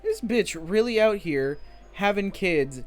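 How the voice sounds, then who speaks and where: Laughing co-host with a lively voice. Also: medium pitch, faint music behind. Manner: laughs often, quick reactions. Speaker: gaming channel co-host. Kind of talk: casual chat.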